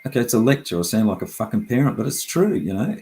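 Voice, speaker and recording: A man's voice: medium pitch, very animated, quick pace, warm tone, low-quality recording. A middle-aged man talking casually and heatedly, frustrated and swearing often as he rambles through his complaints.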